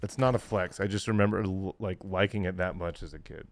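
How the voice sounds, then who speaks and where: Man, 40s, game streamer, tired, lowish voice, loose rambling chat. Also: a little fast. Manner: rambling, many fillers, chuckling often. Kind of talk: casual gaming livestream chat.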